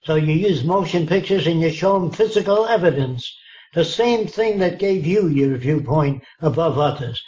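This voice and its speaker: A man's voice: on the high side, expressive, normal speed, a little mellow, lo-fi sound. A man in his nineties telling anecdotes in an interview, acting out quoted dialogue with emphatic asides. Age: 90s. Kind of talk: storytelling in a relaxed interview.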